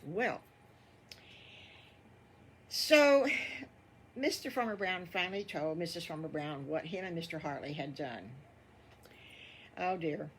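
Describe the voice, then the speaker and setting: Older woman, improvised children's storyteller, folksy and rambling, lower voice. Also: lively intonation, takes it slowly, long pauses, husky.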